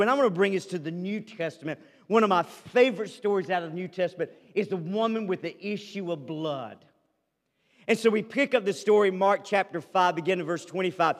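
High-pitched pastor man preaching, storytelling style, big echoey church hall sound. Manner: storytelling preacher, dramatic swings between loud and hushed. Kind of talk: sermon.

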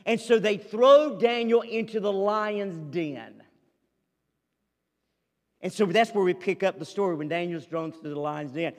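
A male pastor with a notably high voice preaches a sermon, telling the story with dramatic swings from loud proclamations to hushed asides. His voice rings out with a long reverb, as if recorded in a big church hall. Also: unhurried.

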